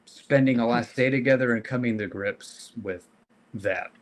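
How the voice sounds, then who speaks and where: Guy breaking down a comic on a podcast, calm and thoughtful, some ums. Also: mid-range voice. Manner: measured, analytical, with hesitations. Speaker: podcast co-host. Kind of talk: casual comic book discussion.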